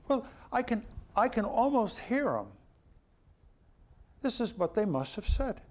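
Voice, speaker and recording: A man preaching a sermon, telling the story in an animated, exclamatory way. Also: high voice, unhurried, pauses often.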